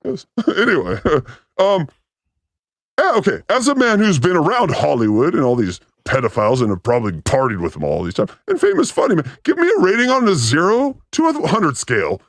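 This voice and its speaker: A man hosting a podcast, teasing his guest with crude, animated jokes in casual chat. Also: fairly high pitch, brisk, dry recording, studio quality. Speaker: podcast host. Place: studio.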